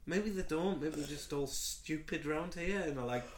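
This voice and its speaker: A man's voice: fairly high pitch, normal speed. A man co-hosting a podcast, making dry, teasing wisecracks in casual chat. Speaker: podcast co-host. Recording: echoey room with faint noise.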